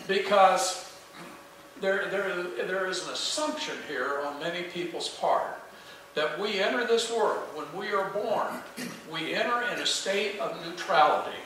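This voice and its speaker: Bright-voiced man preaching in an echoey church. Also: sits high, slight background noise. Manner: earnest, emphatic preaching with rhetorical questions. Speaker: pastor. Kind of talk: sermon. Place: small church sanctuary. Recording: echoey church heard from a distance.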